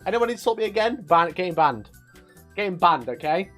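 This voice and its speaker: A man's voice: sits high, sing-song, fairly quick, fairly bright tone, soft background music. A man hosting a live stream, chatting casually with his viewers and trading sweary, mock-angry banter with them.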